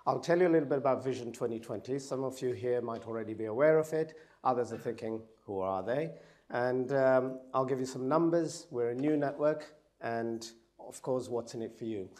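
Croaky guy with a cold giving a conference talk, chatty and jokey with the room. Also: mid-range voice, a little mellow. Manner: jokey, talks to the audience directly. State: hoarse from a cold. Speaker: event speaker. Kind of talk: conference presentation.

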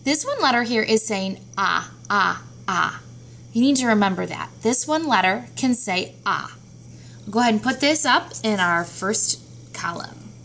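A woman teaching a phonics lesson to young children, sounding out each letter slowly and clearly. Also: on the high side, expressive, fairly bright tone, slight background noise.

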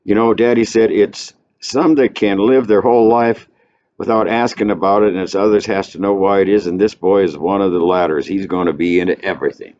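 A calm, rueful outlaw drawls in a folksy Southern accent, as a man reads him aloud. The voice sits higher than the reader's deep natural tone. The recording is dull and lo-fi with a faint hiss. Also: a little fast, lightly acted. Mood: calm confessional. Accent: American Southern.

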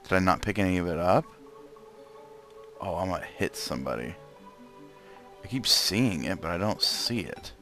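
A let's play gamer comments casually on his own gameplay, muttering to himself and breaking into frustrated outbursts over loud game music. His low voice has lively intonation, a moderate pace, and frequent pauses.

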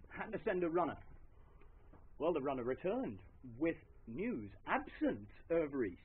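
A man's voice: a little high, big pitch swings, a little slow, slightly rough. A man telling a folk tale live, with wry asides to his audience. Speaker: storyteller. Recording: lo-fi live recording, faint ambience.

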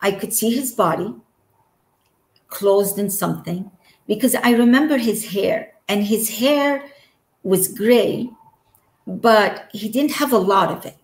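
A woman's voice: medium pitch, slow, roomy sound, rough recording. A woman telling a personal story as an interview guest, emotional and trailing off between phrases.

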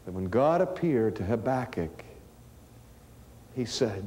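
A man preaching a sermon in a slow, deliberate way, building to raised emphasis. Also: fairly low pitch, sing-song, darkish tone. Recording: long hall reverb.

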